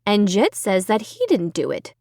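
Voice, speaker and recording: A woman's voice: wildly swooping pitch, moderate pace, gravelly, a little mellow, dry recording, studio quality. A woman reading a stern mother, teeth gritted. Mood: strained calm. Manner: low, tight, through gritted teeth. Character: stern mother forcing herself calm. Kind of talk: audiobook character voice.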